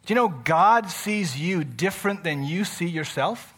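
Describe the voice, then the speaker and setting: Male pastor, conversational sermon storyteller, bright sharp tone. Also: sits high, unhurried, husky. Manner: animated, conversational storytelling with playful asides.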